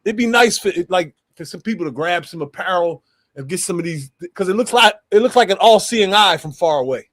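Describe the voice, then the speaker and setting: A man's voice: high voice, expressive, a little fast, a bit bright. A man talking as a guest on a stream in a slangy, hyped-up, rambling way. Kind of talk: casual stream chat.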